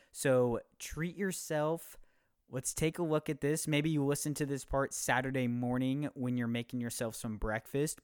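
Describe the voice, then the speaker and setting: A man's voice: mid-range voice, clear, resonant tone, dry recording, clean studio sound. A young man in his twenties hosting a podcast, talking in a loose, upbeat, rambling way with plenty of fillers. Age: 20s. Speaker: podcast host. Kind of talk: casual podcast talk.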